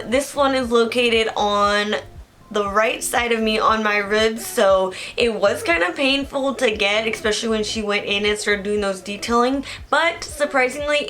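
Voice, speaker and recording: A woman's voice: on the high side, fairly bright tone. A young woman vlogging casually to camera, chatty and earnest, with lots of "um" and "like". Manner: chatty, earnest, many fillers like "um" and "like". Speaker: beauty vlogger.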